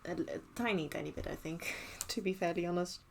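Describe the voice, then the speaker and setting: A woman's voice: lowish voice, a little fast, creaky, a little hiss or hum. A young woman streaming while she crafts, chatting casually, giggling often and hesitating with many restarts.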